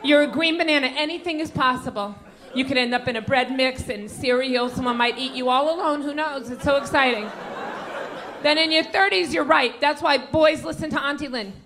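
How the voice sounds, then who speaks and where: Woman stand-up, high and brassy, teasing the front row, live club recording with noise. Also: fairly quick, fairly bright tone. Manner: brassy, teasing audience members. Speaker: stand-up comedian. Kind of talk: stand-up comedy set. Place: comedy club stage with audience.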